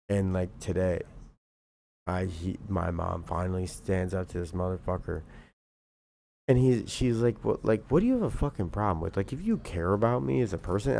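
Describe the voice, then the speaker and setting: A man's voice: low voice, vocal fry, darkish tone, slight background noise. A young man livestreaming, talking in an agitated, rambling rant full of swearing. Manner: agitated, profane, repeats "bro".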